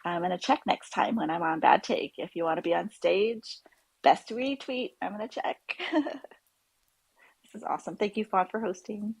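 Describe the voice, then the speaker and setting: A woman with a gravelly, husky voice chats in an online audio room. She is cheerful and giggly. Her pitch sits mid-range and the sound is dry. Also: moderate pace, dry recording, low-quality recording. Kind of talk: casual online audio chat.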